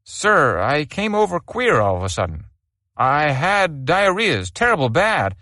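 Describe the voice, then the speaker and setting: A man's voice: on the high side, big pitch swings, measured pace, bright, forceful tone, no room sound, studio quality, voice pushed up, full character voice. A man voicing a nervous private soldier on a charge, who pleads in a sing-song voice in an audiobook. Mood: nervous pleading.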